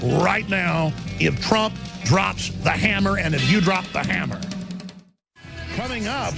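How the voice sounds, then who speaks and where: A man's voice: high-pitched, vocal fry, a bit bright, dry recording. A middle-aged man hosting a talk show, ranting in heated political commentary with intense repetition.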